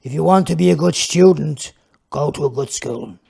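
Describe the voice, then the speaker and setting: A man voicing a kindly old male cobbler, giving gentle, fatherly advice in a storybook reading. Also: a little high, moderate pace, gravelly, husky, exaggerated voice. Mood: earnest.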